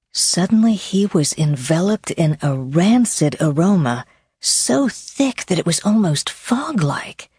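A woman narrating a story in a measured, deliberate audiobook style. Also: deep voice, darkish tone, breathy edge, no room sound, studio quality.

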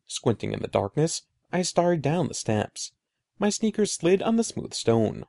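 A man narrating a children's storybook in an expressive, suspenseful way. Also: fairly high pitch, a little slow, vocal fry, no echo. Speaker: audiobook narrator.

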